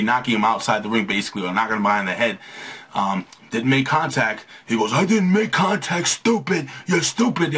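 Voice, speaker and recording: Young male host, husky low voice, loose rambling recap delivery. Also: fairly bright tone. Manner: rambling, lots of restarts and fillers. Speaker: wrestling show recap host. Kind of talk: casual recap commentary.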